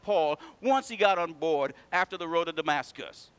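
A man preaching a sermon in church, telling stories and calling out to the congregation, swinging from loud to hushed. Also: a little high, expressive, normal speed, smooth.

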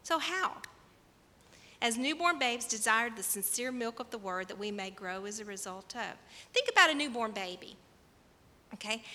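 A woman's voice: on the high side, expressive, moderate pace, sharp tone, long reverb tail, slight background noise. A woman preaching a conversational sermon to her congregation, asking them questions and reading scripture aloud. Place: church sanctuary.

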